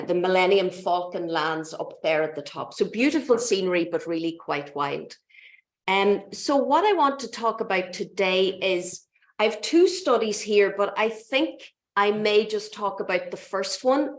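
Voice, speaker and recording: Irish woman, 50s, maths lecturer on a video call; chatty, restarts a lot, roomy sound. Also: fairly low pitch. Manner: chatty, self-correcting, frequent restarts and ums. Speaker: mathematics lecturer. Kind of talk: online conference talk. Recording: echoey room.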